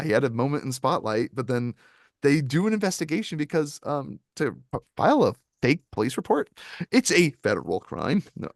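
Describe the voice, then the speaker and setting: A man's voice: mid-range voice, gravelly, dry recording. A male podcast co-host chatting casually about films, rambling through long stories full of fillers and restarts. His voice sits in a middle register, and the sound is dry and close. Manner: rambling, animated storytelling with frequent fillers. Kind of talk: casual movie review chat.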